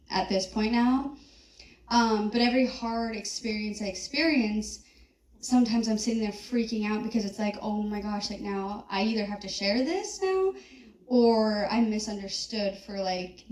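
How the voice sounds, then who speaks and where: A woman from a reality show cast answering at a panel, earnest and halting, with many fillers. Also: medium pitch, a little mellow. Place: event hall. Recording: echoey hall with faint noise.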